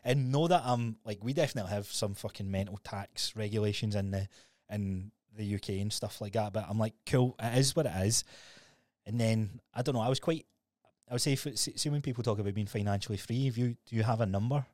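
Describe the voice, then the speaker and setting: Scottish man, thirties, quick talker, lowish voice, dry close sound, casual and candid, swears freely. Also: darkish tone, no room sound. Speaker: podcast co-host. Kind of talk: casual podcast chat.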